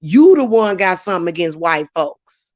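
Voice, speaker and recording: A woman's voice: on the low side, sing-song, normal speed, darkish tone, no echo, lo-fi sound. A woman hosting her channel, ranting heatedly and profanely at commenters in a live-stream vlog. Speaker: channel host and spiritual reader. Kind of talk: live-stream rant to viewers.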